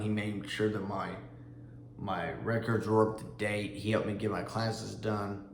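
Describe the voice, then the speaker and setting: A veteran of the Army, now a vlogger, wanders through a personal anecdote with many fillers, restarts and the occasional curse. His voice is lowish, and the echoey room carries faint ambience plus a little hiss or hum.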